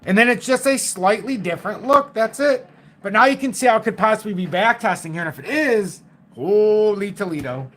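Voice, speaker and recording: Excitable man in his forties. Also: high voice, brisk. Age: 40s. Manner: excitable and emphatic, thinks aloud with fillers and mild swearing. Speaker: crypto live-stream host. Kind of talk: casual live-stream chart commentary.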